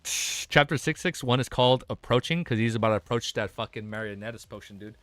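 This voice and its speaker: A young man streaming, reading a web novel aloud and breaking off to react in excitable, slangy, profane bursts. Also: mid-range voice, fairly quick, no room sound.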